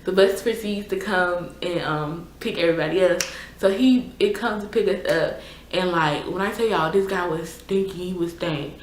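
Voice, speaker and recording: A woman's voice: on the low side, normal speed, a little hiss or hum. A young woman, chatting casually and exasperatedly through a storytime vlog with lots of fillers. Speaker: YouTuber. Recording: echoey room.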